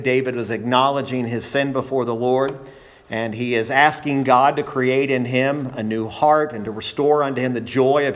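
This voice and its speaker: A male pastor delivers a sermon from the pulpit at a middle pitch. He speaks earnestly, now and then restarting a phrase, and pushes his voice up for emphasis. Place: church.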